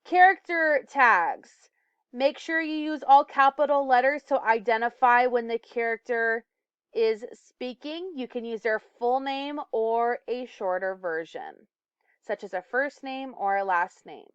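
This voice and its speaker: Clear, fairly high-voiced woman teacher. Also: measured pace, no room sound, lo-fi sound. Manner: self-correcting, occasional stumbles and fillers. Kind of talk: recorded lesson.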